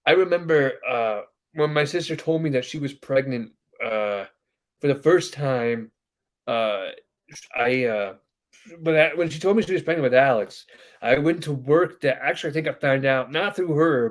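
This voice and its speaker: A man's voice: mid-range voice, moderate pace. A man hosting a podcast, telling a long family story in casual chat, rambling with many fillers and acting out quoted voices. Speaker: podcast host.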